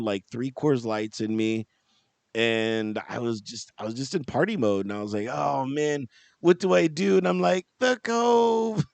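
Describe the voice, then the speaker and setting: A podcast co-host with a mid-range voice rambles through a story in easygoing conversation, laughing often. No room sound is audible.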